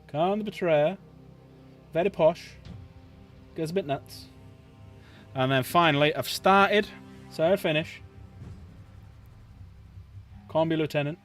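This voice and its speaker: A man's voice: on the high side, animated, measured pace, pauses often, fairly bright tone, faint music behind. A man hosting a livestream, chatting casually and jokily with his viewers while painting miniatures. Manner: chatty, jokey, talks to chat. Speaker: livestream host.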